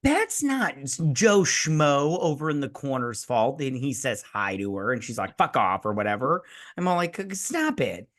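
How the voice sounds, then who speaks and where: A man's voice: medium pitch, normal speed. Tipsy guy co-host, cussing and acting out movie scenes in a rant. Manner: profane, animated, acts out quoted film scenes. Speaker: podcast co-host. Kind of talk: casual chat.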